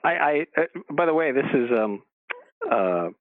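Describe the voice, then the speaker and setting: A man's voice: mid-range voice, sing-song, measured pace, dry recording. A man telling a long rambling story as a guest on a radio show, stammering through restarts and acting out the people he quotes. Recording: dry phone-line sound.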